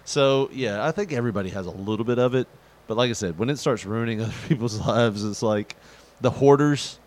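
A middle-aged man chatting casually, rambling with fillers and jumping into animated quoted voices. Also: fairly quick. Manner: animated storyteller, jumps into high-pitched quoted voices; rambling, many fillers and restarts. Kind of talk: casual chat.

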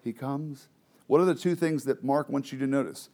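A man's voice: medium pitch, normal speed, darkish tone. A man teaching a Bible study to a group, explaining the text and asking the group questions.

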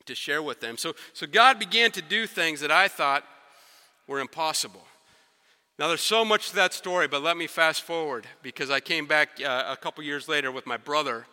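High, bright-voiced preacher man in a hall. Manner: animated, acts out quotes and sounds, drops to quiet intensity. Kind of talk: sermon storytelling. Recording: long hall reverb.

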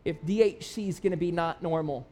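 A man in his thirties from Michigan, a pastor, speaks in a warm, fairly high voice at a slightly fast pace. He preaches conversationally, telling personal stories and poking fun at himself before building to emphatic, rising appeals.

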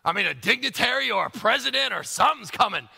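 Bright, lively male preacher in echoing hall. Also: extremely high pitch, quick pace, vocal fry, breathy edge. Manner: emphatic, animated, repeats phrases for effect. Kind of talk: sermon. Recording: long hall reverb.

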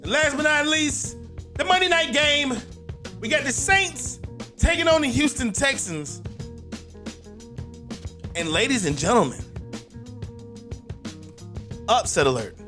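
A man's voice: very high voice, very animated, a little slow, pauses often, bright, forceful tone, soft background music. A man hosting a sports podcast, giving his football picks in a brash, punchy, repetitive way. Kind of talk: solo sports picks commentary.

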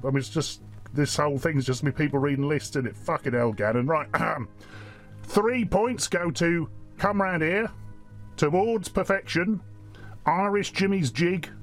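A man voicing a foul-mouthed, impatient male vampire celebrity, gruff and sweary in a comedy sketch. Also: a little high, a bit bright.

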